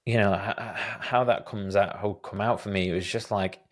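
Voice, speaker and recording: A man's voice: on the low side, steady tone, fairly quick. A man in his thirties hosting a solo podcast, answering listener questions in a reflective, hesitant way with many fillers and restarts. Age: 30s. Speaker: podcast host.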